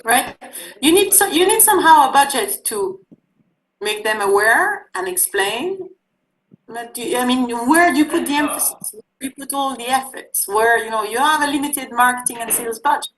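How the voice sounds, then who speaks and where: A woman teaching a class on sales, talking loosely and often pausing with fillers as she explains. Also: high voice, expressive, a bit bright, low-quality recording. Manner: conversational, searching for words with many fillers. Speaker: instructor. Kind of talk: online class lecture.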